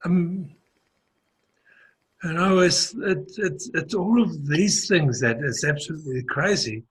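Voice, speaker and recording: Husky New Zealand man telling stories. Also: fairly high pitch, measured pace, poor audio. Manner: rambling storytelling with many restarts and fillers. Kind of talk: casual conversational chat.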